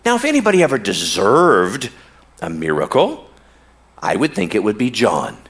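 A man preaching a sermon in a storytelling way, drawing out words for emphasis and slipping into casual slang with the congregation. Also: lowish voice. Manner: animated storytelling with slow, drawn-out pauses for emphasis. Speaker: pastor.

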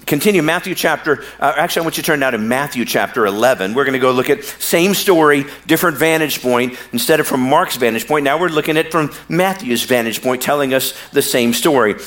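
A man preaching a sermon in a storytelling way, drawing out words for emphasis and slipping into casual slang with the congregation. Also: mid-range voice. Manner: animated storytelling with slow, drawn-out pauses for emphasis. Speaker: pastor.

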